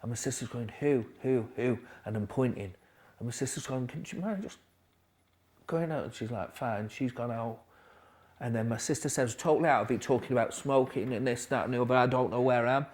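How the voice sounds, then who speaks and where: A man, a podcast guest quietly telling his recovery story in a halting way, with restarts. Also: medium pitch. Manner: quiet, halting storytelling with restarts, dropping softer at hard moments.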